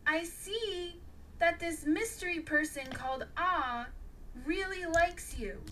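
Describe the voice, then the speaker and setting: A woman's voice: very high-pitched, takes it slowly, a bit bright, a little hiss or hum, pitched above the performer's own voice, full character voice. A woman reading the part of a curious, chatty boy, the hero's best friend, in a storybook.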